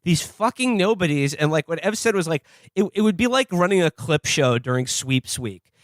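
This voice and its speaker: A man's voice: on the high side, expressive, moderate pace, no room sound, clean studio sound. A man co-hosting a podcast, rambling sardonically and swearing freely. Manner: profane, sardonic, rambling with restarts. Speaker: podcast co-host. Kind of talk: casual political chat.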